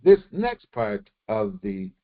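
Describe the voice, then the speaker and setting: A man teaching a verse-by-verse Quran commentary lesson, explaining slowly with repetitions and quoted Arabic terms. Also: lowish voice, very animated. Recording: dull lo-fi recording.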